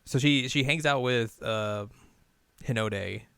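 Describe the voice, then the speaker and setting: A man co-hosting a podcast, casually recapping a film in a rambling, animated way and acting out the characters' lines. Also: medium pitch, slow, creaky, clean tone, no room sound. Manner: rambling, animated retelling with acted-out quotes. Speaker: podcast co-host.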